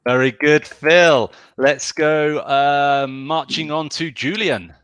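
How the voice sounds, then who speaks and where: A man hosting a live online pun contest, chatty and quick to laugh. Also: fairly high pitch, fairly even intonation, a bit bright, clear, resonant tone, dry recording. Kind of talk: casual live-show hosting.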